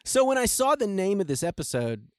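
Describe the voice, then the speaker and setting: Animated joking man on a podcast. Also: high voice, fairly quick, very noisy. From Louisiana, US. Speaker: podcast co-host. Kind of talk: casual chat.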